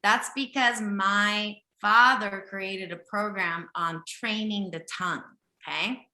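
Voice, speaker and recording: Woman w slight japanese accent giving a live health reading, bright forceful voice, keeps saying okay?, roomy echo. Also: mid-range voice, steady tone, slow. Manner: direct and insistent, keeps checking in with "okay?". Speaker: intuitive health reader hosting a live session. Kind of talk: live one-on-one reading with a participant.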